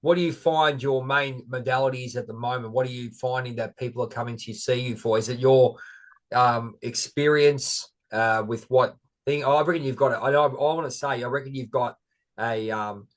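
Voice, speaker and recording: A man's voice: mid-range voice, fairly even intonation, normal speed. A middle-aged Australian man hosting a casual interview, chatty and self-deprecating, rambling with fillers. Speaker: podcast host.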